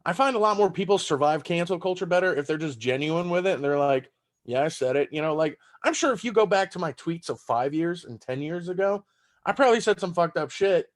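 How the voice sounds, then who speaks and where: Southern-accented comedian, slightly high voice. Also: male voice, expressive, a little fast. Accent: Southern American. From Texas. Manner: loose, profane, laughing storyteller. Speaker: stand-up comedian guest. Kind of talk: casual podcast chat.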